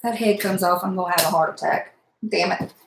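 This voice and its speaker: In an echoey room at home, a middle-aged crafting vlogger talks bluntly and at length while assembling a wreath, cursing mildly in a casual livestream. She speaks briskly in a steady, lowish voice against a noisy background.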